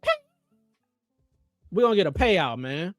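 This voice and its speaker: A man hosting a live trading stream, chatting casually in an animated, joking, motivational way. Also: high-pitched, unhurried, no echo, studio quality, soft background music. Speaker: trading livestream host.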